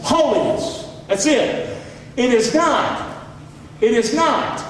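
A high-voiced man preaching in a church sanctuary, heard from a distance in a big hall with a long echo. He calls out to the congregation for answers and swings between ringing shouts and low, quiet asides. A faint hiss sits under the voice. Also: measured pace. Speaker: pastor. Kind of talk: sermon. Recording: echoey hall, mic far off.

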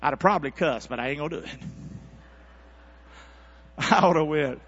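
A pastor preaching in a church, his voice sitting a little high for a man. He keeps pressing the room for answers, building from hushed stretches to loud peaks. The recording is dull and lo-fi, with a low mains hum under it. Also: moderate pace, pauses often, breathy edge. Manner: calls for congregation responses, animated rising delivery. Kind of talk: sermon. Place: church sanctuary.

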